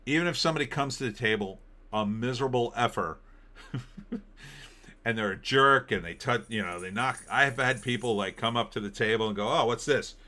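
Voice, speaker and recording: A man's voice: mid-range voice, normal speed, sharp tone. Sarcastic ranting male commentary host. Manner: sarcastic, ranting, mocking asides in put-on voices. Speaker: host of an opinion show. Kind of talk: casual commentary reading headlines.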